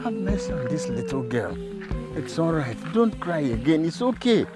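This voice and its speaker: A man's voice: on the high side, very animated, normal speed. An actor with a Nigerian accent playing a father who soothes his pregnant daughter and then confronts the man responsible. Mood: soothing. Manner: pleading, tender then angry on phone. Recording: film soundtrack with loud music.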